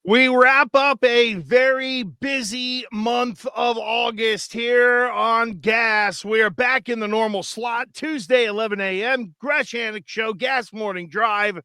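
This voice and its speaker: A man's voice: extremely high pitch, fairly even intonation, slow, few pauses, sharp tone, clear, resonant tone, no room sound, clean studio sound. A middle-aged man hosting a sports podcast, rambling and chatty with many fillers and restarts. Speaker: sports radio host. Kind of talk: casual podcast chat.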